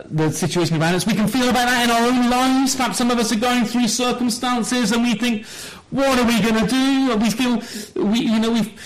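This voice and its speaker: A man preaching a sermon in a church, telling a Bible story with lively questions to the congregation. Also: high-pitched, low-quality recording.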